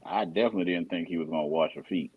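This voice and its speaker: A woman's voice: extremely low pitch, very fast, slightly rough, no echo, narrow, tinny audio. A woman panelist on a live chat with dry, wisecracking answers.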